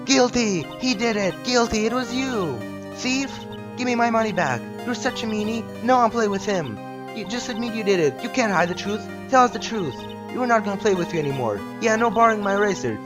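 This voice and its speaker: A man voicing a crowd of young schoolchildren shouting accusations in a game. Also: sits high, expressive, fairly quick, over music, voice pushed up. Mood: accusing.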